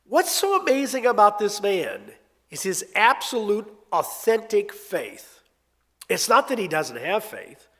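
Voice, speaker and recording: A man preaching a sermon in an expressive, conversational storytelling way with emphatic swings. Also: sits high. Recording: long hall reverb.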